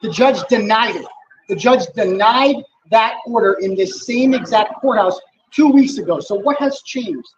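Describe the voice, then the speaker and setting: A man's voice: sits high, normal speed, highs cut off, slight background noise. A man, an independent reporter, giving a defiant, emphatic statement to the press outside a courthouse. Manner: defiant, emphatic, talking over a crowd of reporters.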